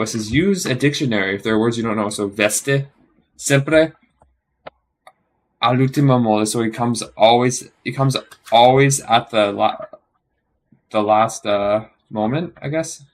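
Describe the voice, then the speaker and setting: A man live streaming his study session, thinking aloud in a rambling way, correcting himself and slowly sounding out phrases. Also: medium pitch.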